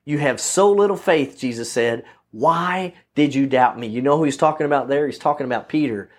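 A man preaching a sermon, reading scripture and pressing its points in an earnest voice that rises into emphatic questions and slows on key lines, with frequent restarts. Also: mid-range voice. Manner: restarts and self-corrections.

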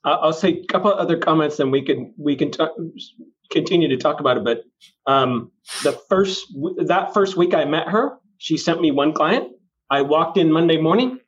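Middle-aged man, fairly high voice, rambling anecdotes, muffled lo-fi recording. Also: expressive, normal speed. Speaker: mortgage lender. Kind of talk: casual storytelling.

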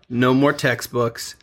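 Young man, twenties, podcast co-host, casual rambling chat, gravelly, bright tone. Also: medium pitch. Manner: laughing, rambling storyteller.

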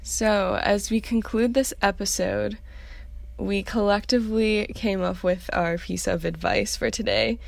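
Gravelly young woman, dry close sound. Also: mid-range voice, fairly even intonation, measured pace, no room sound. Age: young adult. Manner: upbeat, enthusiastic recommending. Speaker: student podcast co-host. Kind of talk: casual chat.

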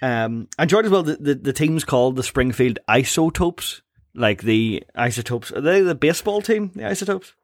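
A young man co-hosting a podcast, recapping a cartoon episode in a chatty, halting way with frequent ums. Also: medium pitch, animated, dry recording, clean studio sound. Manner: chatty, laughs often, hesitant with ums. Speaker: podcast co-host.

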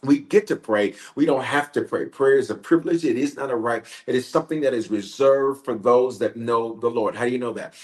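Energetic preacher repeating phrases for emphasis. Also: male voice, mid-range voice, fairly quick, few pauses. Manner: calls out viewers' locations in a roll call. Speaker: bishop leading online prayer. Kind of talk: livestream prayer and sermon.

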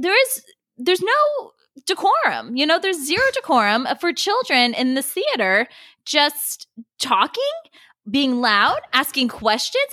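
A woman's voice: sits high, bright, forceful tone, dry recording, clean studio sound. A woman in her thirties co-hosting a movie podcast, chatting casually and playfully with frequent laughter. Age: 30s. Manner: giggly, playful, slips into silly voices. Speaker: podcast co-host. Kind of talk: casual chat.

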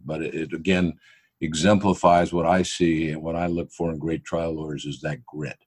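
Deep-voiced man hosting an interview. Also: darkish tone, breathy edge. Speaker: podcast host, interviewer. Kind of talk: interview questions.

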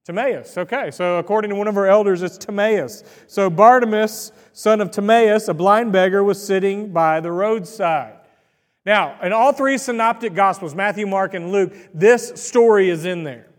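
Pastor guy, high voice, chatty folksy sermon, big church hall echo. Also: normal speed. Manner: conversational, folksy storytelling with asides to the congregation.

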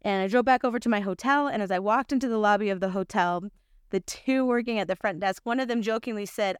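A middle-aged woman teaching a Bible lesson, telling a personal story with lively voices for the people in it. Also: mid-range voice, fast talker, clear, resonant tone, no echo, studio quality. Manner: animated storyteller, acts out quoted voices.

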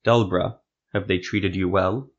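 A composed rebel priest speaks evenly and without hurry, low and steady, as a man reads him. His quiet assurance carries through a storybook telling. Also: highs cut off. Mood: calm. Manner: calm and measured. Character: calm, composed male rebel priest leader.

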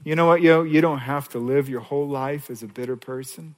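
A male pastor delivering a sermon, moving between hushed pleading and raised, emphatic preaching. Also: on the high side, a little fast, hardly any pauses. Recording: long hall reverb.

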